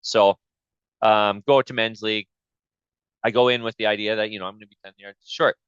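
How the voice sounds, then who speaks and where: A man's voice: on the low side, fairly quick, clean tone, dry recording, dull audio. A man hosting a podcast, telling a story in a casual chat and swearing freely as he acts out the back-and-forth. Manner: profane, animated retelling with quoted back-and-forth. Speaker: podcast host.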